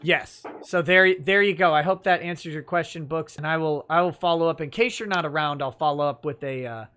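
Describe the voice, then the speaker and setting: A bright, fairly high-voiced man hosts a casual livestream talk show. He reads viewer chat messages aloud, replies in an easygoing way and laughs often. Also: a little fast, slight background noise.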